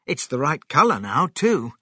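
Brief: man playing an excited scheming father, raised voice, storybook, bright tone. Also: fairly high pitch, normal speed, breathy edge, no room sound, studio quality, pitched above the performer's own voice, heavily acted. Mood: eager. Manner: eager, crying out.

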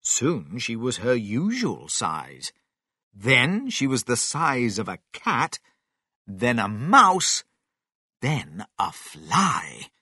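A man reading a children's story aloud in an expressive storytelling manner. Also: medium pitch, extremely slow, breathy edge, no room sound, studio quality.

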